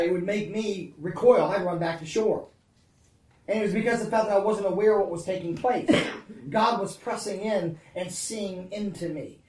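A preacher delivering a conversational sermon, often asking the congregation "right?" and "Amen?", moving between hushed and forceful passages. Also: medium pitch. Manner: swings from hushed, intimate passages to loud, emphatic ones. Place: church or large hall. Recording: roomy echo, picked up from a distance.

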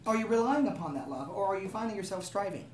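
A man's voice: sits high, lively intonation, quick pace, a little hiss or hum. A man preaching a sermon, talking conversationally and asking the room to agree with him. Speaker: pastor. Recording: echoey room, voice from a distance.

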